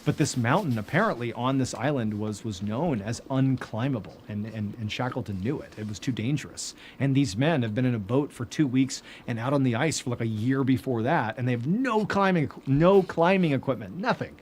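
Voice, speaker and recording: A man telling stories in casual chat as a podcast host, animated, with lots of filler words. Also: medium pitch, a little fast, hardly any pauses, slight background noise.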